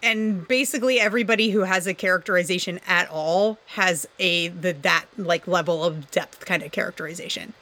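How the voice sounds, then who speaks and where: Woman podcast co-host, bright and tense in tone, rambling and sarcastic, quick to laugh. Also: on the low side. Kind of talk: casual chat.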